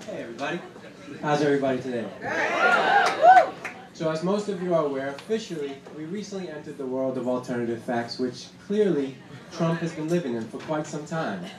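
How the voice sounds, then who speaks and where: A young man doing a stand-up set on a comedy club stage, punchy and deadpan, with laughter behind him. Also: on the high side, brisk. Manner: punchy deadpan delivery with acted-out quotes. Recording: roomy club sound with noise. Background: audience laughter.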